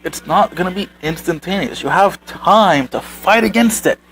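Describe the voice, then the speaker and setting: Male commentary host, slightly high voice, sarcastic and exasperated, faint music underneath. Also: animated, moderate pace, a bit bright, rough recording. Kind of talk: reading and reacting to posts.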